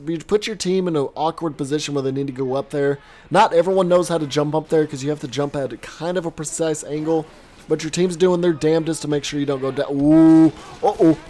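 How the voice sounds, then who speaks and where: Male host, fairly high voice, casual animated video-game coaching, voice a little worn, light background noise. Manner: animated, quick reactions, self-deprecating asides. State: voice strained from long recording. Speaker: host giving gameplay coaching commentary. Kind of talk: casual commentary over gameplay footage.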